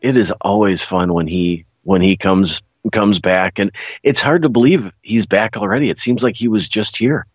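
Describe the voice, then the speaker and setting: A Chicago-accented man co-hosts a casual radio chat in a lowish voice. He talks in halting bits with restarts and dry teasing. His dry, muffled sound suggests a remote line. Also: husky, no echo. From Chicago area. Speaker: radio co-host.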